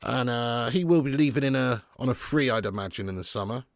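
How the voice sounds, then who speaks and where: A man with a medium-pitched, creaky voice streams a live football watch-along, talking a little fast in clean studio sound with no echo. He casually reads viewer comments, then swears and shouts at the match as it unfolds.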